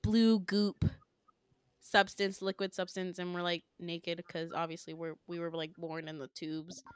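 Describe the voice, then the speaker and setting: A woman's voice: on the low side, level tone, unhurried, clean tone, dry recording. Young woman, casual podcast storyteller, rambling, dry close sound. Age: young adult. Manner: rambling, heavy on fillers like "like", laughs often. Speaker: podcast host.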